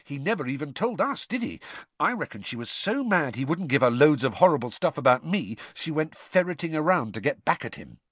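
A man's voice: a little high, big pitch swings, brisk, fairly bright tone, breathy edge, dry recording, voice pushed up, exaggerated voice. A man voicing a fiery, loyal teenage wizard boy who speaks angrily. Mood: angry. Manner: angry, intense.

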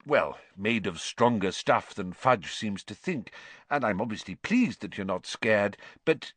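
Man doing a low quiet worried dad, tense and hurried. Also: animated, no room sound. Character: anxious, serious middle-aged father.

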